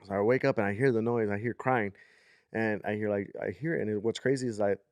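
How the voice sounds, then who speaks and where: A man in his thirties tells a long story on a podcast, rambling and checking in with his listener. His voice sits on the low side. The recording is dry and close. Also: fairly even intonation, fast talker, darkish tone, clear, resonant tone, no room sound. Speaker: podcast co-host. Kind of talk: casual storytelling chat.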